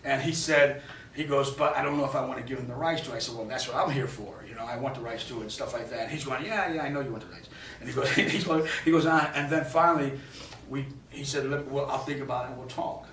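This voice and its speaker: A man, a film director from New York, telling a rambling, animated story in an interview at a film festival, with many restarts. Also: medium pitch, fast, slight background noise. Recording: echoey, distant mic with faint ambience.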